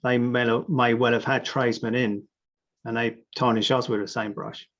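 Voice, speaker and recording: A man hosting a casual interview and chatting in a relaxed, conversational way. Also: mid-range voice, moderate pace, vocal fry. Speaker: host. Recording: dull lo-fi sound.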